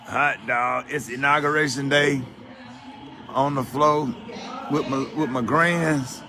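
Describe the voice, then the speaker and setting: A middle-aged man filming a casual home video, teasing a child with quick-fire questions. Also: a little high, steady tone. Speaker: radio host filming at home with grandchildren. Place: home, indoors.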